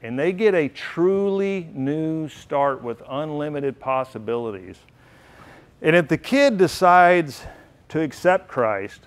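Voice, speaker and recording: A middle-aged man giving an earnest, heartfelt storytelling speech at a banquet. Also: fairly high pitch. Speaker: banquet speaker. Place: banquet hall.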